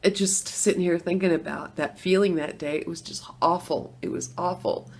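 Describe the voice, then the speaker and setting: A woman's voice: on the low side, steady tone, moderate pace, husky. A middle-aged woman telling a personal story in a casual, conversational way. She laughs often and acts out her own reactions. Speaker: former Democrat voter telling her story.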